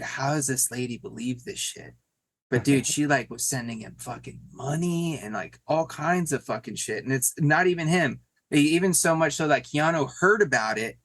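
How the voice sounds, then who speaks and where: A man's voice: medium pitch, a bit bright, no room sound. Rambling, swearing podcast man, dry mic. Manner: rambling, filler-heavy, swears a lot. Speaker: podcast co-host. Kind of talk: casual podcast chat.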